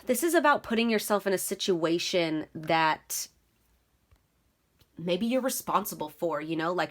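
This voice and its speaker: A woman's voice: medium pitch, fairly bright tone. A young woman giving a casual, emotional tarot reading to camera, chatty and giggly, with many fillers. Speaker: tarot reader.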